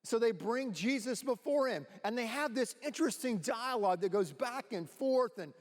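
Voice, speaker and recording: High-voiced guy preaching, playful and chatty, big echoey church hall. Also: lively intonation, moderate pace. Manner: playful, chatty, laughs easily. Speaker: pastor. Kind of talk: sermon with live audience participation. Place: large church auditorium. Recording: long reverb of a large church hall.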